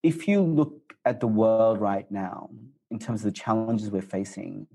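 A man in his forties, raised in Australia, talking as a guest in an interview in an excitable, animated way. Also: on the low side. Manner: excitable, quick, animated storyteller. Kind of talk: casual interview talk.

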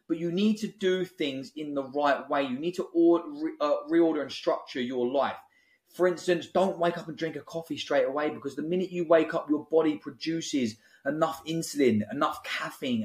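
A man lays out his advice bluntly and forcefully, preaching as a podcast guest. His voice sits a little high for a man. The room around him rings with a clear echo. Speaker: app founder guest. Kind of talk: podcast interview. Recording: roomy echo.

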